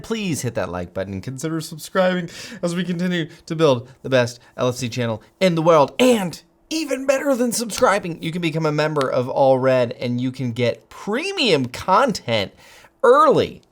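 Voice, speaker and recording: A man hosting a football fan channel, talking to camera in excited, gushing commentary and laughing often. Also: a little high.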